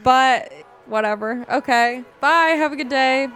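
A woman's voice: on the high side, normal speed, a bit bright, soft background music. Rambling, jokey young woman podcaster. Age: 20s. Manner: rambling, self-mocking and jokey. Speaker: podcast host. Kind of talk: casual podcast chat.

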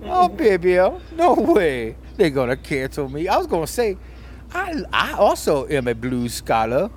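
A man's voice: high voice, huge pitch swings, a little hiss or hum, full character voice. A man doing a crooning old soul singer. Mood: smooth, teasing. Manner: croons "baby" at the end of lines, drawn-out and teasing. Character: older male soul singer, sweet-talking, calls everyone baby. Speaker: podcast co-host. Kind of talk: comedic impression.

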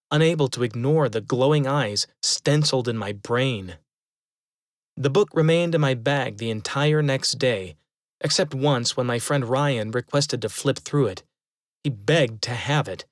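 A man telling a first-person eerie story in a measured, steady way, slowing down at tense moments. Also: medium pitch, no echo, studio quality.

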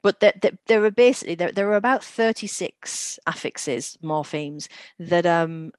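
A woman in her forties talks through teaching techniques on a podcast, working through step-by-step classroom examples. Her voice sits on the low side. The recording is dry, with no room sound. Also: moderate pace, dry recording. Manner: practical, explains with classroom examples. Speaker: guest, education company CEO. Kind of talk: podcast interview.

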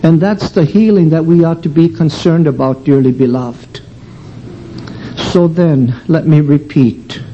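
A man preaching a sermon, slow and emphatic, drawing out his phrases. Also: fairly high pitch, dark tone. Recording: dull lo-fi recording with faint hum.

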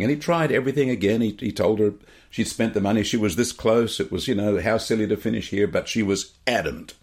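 An Australian man, a podcast co-host, telling a story in casual chat, animated, with frequent restarts. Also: sits low.

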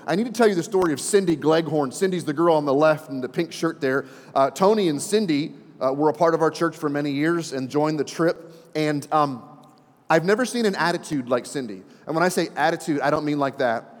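Pastor guy in his 40s telling a story from the pulpit, kinda high voice, chatty asides, lots of room echo. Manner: animated storyteller, folksy asides to the congregation. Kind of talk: sermon with storytelling. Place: church sanctuary. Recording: reverberant church hall.

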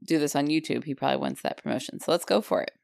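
A middle-aged woman co-hosting a podcast, with a gravelly, fairly low voice. She chats casually, laughs a lot and jumps in with quick reactions. The sound is dry and close. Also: fairly even intonation, a little mellow, dry recording. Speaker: podcast co-host. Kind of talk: casual chat.

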